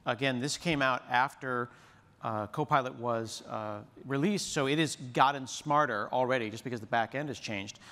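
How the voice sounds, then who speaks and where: A man's voice: mid-range voice, moderate pace, fairly bright tone. Chatty man presenting in an echoey hall. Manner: chatty, self-described yapper. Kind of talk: conference demo talk. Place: conference stage. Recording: long hall reverb.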